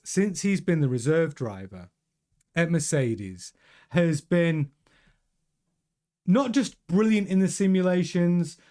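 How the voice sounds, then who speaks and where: A man's voice: a little high, darkish tone. A man hosting a casual news commentary show, chatty and rambling with many restarts and fillers.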